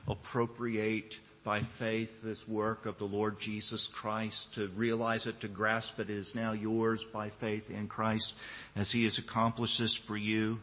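A man's voice: fairly low pitch, monotone, a little slow, a bit bright. A man preaching a sermon to his congregation and closing in prayer, speaking earnestly and building up emphasis. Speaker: pastor. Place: church. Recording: long reverb of a church hall.

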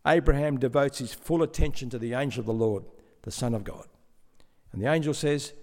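A man preaching a sermon in a measured, explanatory way, with some stammering restarts. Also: medium pitch. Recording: long hall reverb.

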